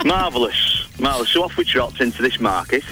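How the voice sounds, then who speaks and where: A man's voice: mid-range voice, sing-song, brisk, low-quality recording. A man calling into a radio show, telling a holiday story in a dry, wry way. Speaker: caller. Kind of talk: phone-in storytelling.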